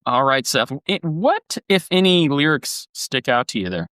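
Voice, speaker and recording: A man co-hosting a music podcast in casual chat, enthusiastic and quick to laugh, reading song lyrics aloud and musing on them. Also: fairly high pitch, sing-song, pushed and bright, no echo. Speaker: podcast co-host.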